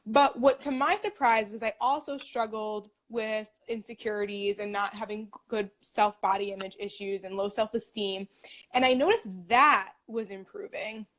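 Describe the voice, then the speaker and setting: A woman's voice: medium pitch, fairly even intonation, moderate pace, fairly bright tone. A young woman in her twenties, a dietitian, talking about her path in a casual, upbeat interview, with lots of "like" fillers. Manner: chatty, upbeat, many "like" fillers.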